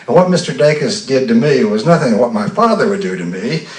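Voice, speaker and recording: On a festival stage before an audience, an older man from the American South tells a folksy story at his own expense, frequently stammering and starting over. His medium-pitched voice swings widely in pitch and runs a little fast, picked up as roomy sound by a distant mic.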